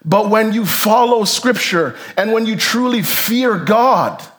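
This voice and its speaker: A man preaching a sermon as pastor, animated, his voice jumping up for emphasis and then dropping low. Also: takes it slowly. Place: church sanctuary.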